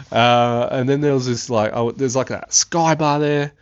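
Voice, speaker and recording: A young man hosting a podcast, telling a story in a loose, excitable way, swearing freely and laughing often. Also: medium pitch, dry recording, highs cut off. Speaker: podcast host. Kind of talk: casual storytelling.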